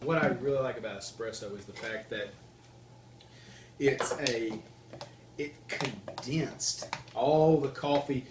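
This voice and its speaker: A man's voice: mid-range voice, slow, pauses often, roomy sound, noisy background. A man with a Southern US accent, chatting casually as he explains each step of making coffee on his own show. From Deep South, US. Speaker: host, coffee reviewer. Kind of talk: casual demonstration chat.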